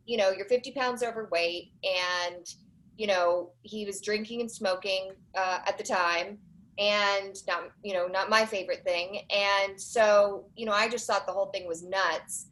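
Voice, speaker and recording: A woman in her forties, a documentary producer, chatting as a guest on a podcast with animated storytelling and quick asides. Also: mid-range voice, rough recording. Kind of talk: casual interview chat.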